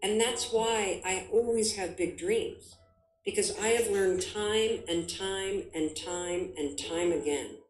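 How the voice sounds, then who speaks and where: A woman's voice: mid-range voice, slow pace, echoey room, slight background noise, low-quality recording. A woman giving an emphatic motivational talk as a guest, full of vivid examples. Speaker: guest speaker.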